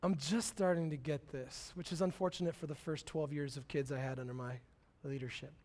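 A man, preaching a conversational sermon as pastor, swinging from quiet asides to excited bursts. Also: on the high side, brisk.

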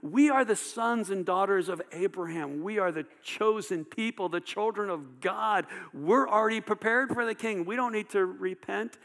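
A man's voice: high-pitched, moderate pace, hardly any pauses, fairly bright tone, voice pushed up. A man voicing indignant, self-righteous male religious leaders in a sermon. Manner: incredulous, raised protesting tone.

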